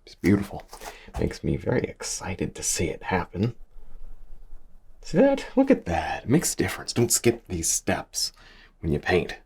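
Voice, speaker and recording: A man's voice: sits low, huge pitch swings, unhurried, darkish tone, breathy edge. A man teaching a painting lesson, chatting and encouraging as he works, chuckling often. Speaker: painting instructor. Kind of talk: relaxed painting tutorial.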